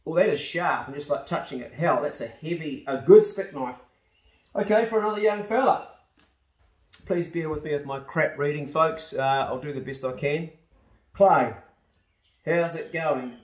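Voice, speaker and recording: A man with a New Zealand accent chatting casually as he opens fan mail, rough-spoken and blunt, swearing freely. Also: on the high side, animated, moderate pace, roomy sound, low-quality recording. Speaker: YouTuber opening fan mail. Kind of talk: casual chat. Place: house truck on a rainy day.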